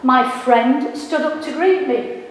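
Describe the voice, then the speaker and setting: A woman performing her own poetry at a live event, with a slow, measured, deliberate delivery. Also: high-pitched. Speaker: performing poet. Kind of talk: spoken-word poetry reading. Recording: echoey hall, faint noise.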